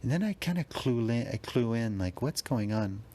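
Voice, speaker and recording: Lively storyteller. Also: male voice, moderate pace. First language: French. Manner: animated, acts out quoted dialogue with big pitch jumps. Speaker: podcast guest. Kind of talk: casual storytelling.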